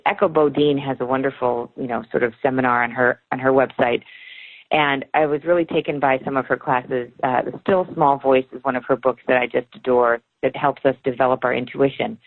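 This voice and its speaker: A woman in her forties, a book author, telling personal stories in an animated way in a podcast interview. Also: extremely low pitch, a little fast. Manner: animated storyteller, acts out dialogue. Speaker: author guest. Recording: tinny phone line.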